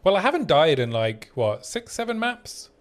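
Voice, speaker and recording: A man streaming a game in casual chat, relaxed, reading chat aloud and replying. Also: on the high side, moderate pace.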